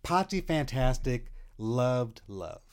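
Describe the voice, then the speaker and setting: A man's voice: mid-range voice, lively intonation, slow, a little mellow, clean tone. A man hosting a podcast, telling a long self-deprecating story in casual chat with lots of restarts. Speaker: podcast host.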